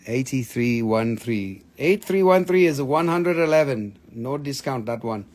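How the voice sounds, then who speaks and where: Man, live mineral sales stream, casual, jokey, curses a lot, average pitch. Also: animated, normal speed, darkish tone. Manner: joking, blunt, swears freely, non-native phrasing.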